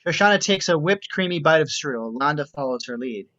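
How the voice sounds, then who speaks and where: A man's voice: a little high, expressive, a little fast, bright, forceful tone. Wry male narrator on a lo-fi mic. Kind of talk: reading stage directions with commentary.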